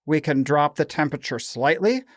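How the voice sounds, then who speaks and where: A middle-aged man from Minnesota, a glass blower co-hosting a podcast, telling stories in a chatty, animated way with quoted dialogue. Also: a little high, normal speed, dry recording, studio quality. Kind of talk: casual chat.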